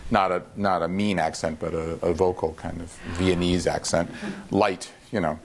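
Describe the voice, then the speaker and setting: Low-voiced man musing in rehearsal. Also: fairly even intonation. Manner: halting, searching for words, many restarts. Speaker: violinist coaching a duo. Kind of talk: casual rehearsal discussion.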